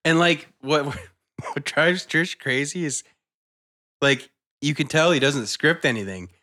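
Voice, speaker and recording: Man, podcast co-host, bright, high-ish voice, laughs often. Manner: laughs often, reacts with quick interjections. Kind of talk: casual chat among friends.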